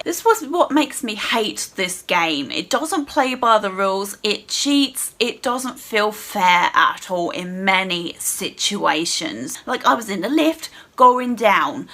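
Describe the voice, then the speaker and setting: Exasperated woman ranting. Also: fairly high pitch. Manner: swearing heavily, exasperated, animated. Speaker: gaming vlogger. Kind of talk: angry gaming rant.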